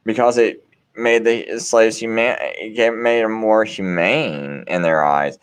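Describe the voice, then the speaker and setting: A man's voice: on the low side, takes it slowly, clean tone. A man hosting a late-night show, talking in a casual, rambling monologue full of restarts and "you know"s, with an earnest, preachy bent.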